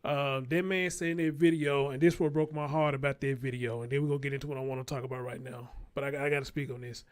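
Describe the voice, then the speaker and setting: A man's voice: medium pitch, steady tone, fast, hardly any pauses. A man hosting his own show, giving a blunt, profane, unscripted commentary and repeating his points for emphasis, speaking.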